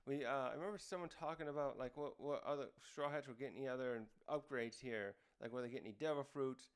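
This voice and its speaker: Guy doing a casual recap, smooth clear voice, lots of uh and um, keeps restarting. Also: medium pitch, quick pace. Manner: rambling, many fillers and restarts. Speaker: manga review host.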